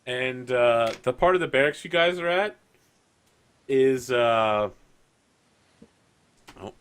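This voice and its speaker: A man narrating and improvising as game master of a tabletop game, rambling and animated. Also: mid-range voice, slow pace, clear, resonant tone.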